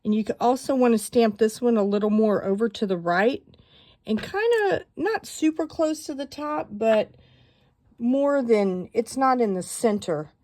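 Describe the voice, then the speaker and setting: Mellow-voiced woman demonstrating a craft. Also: a little high, lively intonation, measured pace. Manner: chatty, rambling with asides and fillers. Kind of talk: step-by-step crafting tutorial.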